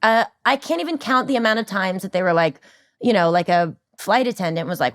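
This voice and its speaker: A woman's voice: mid-range voice, animated, fairly quick. A woman in her forties talking on a podcast as a guest. She tells stories with a lot of energy and laughs often. She acts out other people's voices as she goes. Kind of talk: casual chat.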